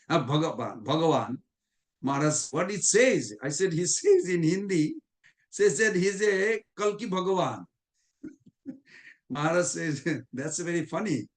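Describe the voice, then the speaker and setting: A man giving a devotional class, telling anecdotes in informal, non-native English and chuckling often. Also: a little high. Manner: storytelling with frequent chuckles.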